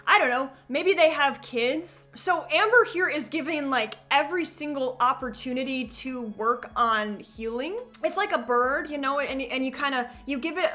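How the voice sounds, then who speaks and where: Woman, high voice, crisp bright tone, sarcastic commentary, soft music underneath. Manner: sarcastic, joking asides. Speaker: commentary channel host. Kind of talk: scripted commentary narration.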